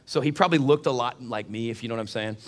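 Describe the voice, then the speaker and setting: A man's voice: mid-range voice, very fast, slight background noise. A middle-aged male pastor preaching a sermon, telling a comic story to his congregation. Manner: animated, jokey storyteller who addresses the congregation.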